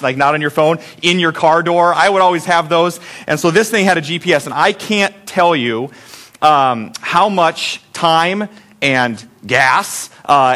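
A man's voice: on the high side, sharp tone. A middle-aged man, a pastor, preaching a conversational sermon in a church, joking at his own expense and putting questions to the congregation. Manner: conversational, self-deprecating, asks the congregation questions. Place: church sanctuary.

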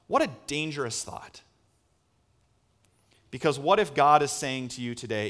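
A male pastor preaching a sermon, earnest and full of rhetorical questions, moving between hushed lines and emphatic ones. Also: mid-range voice, lively intonation, unhurried, long pauses.

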